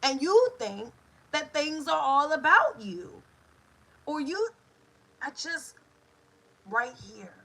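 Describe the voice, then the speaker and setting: A woman giving an inspirational talk as host, emphatic and repetitive, dropping to a hush for stress. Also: high-pitched, big pitch swings, slow, vocal fry, pauses often, low-quality recording. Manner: emotional, speaks to a live listener.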